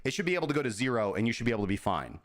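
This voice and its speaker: A man's voice: medium pitch, sing-song, rapid-fire. Male crypto show host, casual and profane, rambling and self-deprecating. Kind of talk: casual market commentary.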